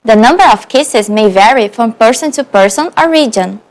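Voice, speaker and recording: High-voiced woman teaching phrases. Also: lively intonation. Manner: clear, patient, slows to model phrases. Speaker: language teacher. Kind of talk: on-camera language lesson.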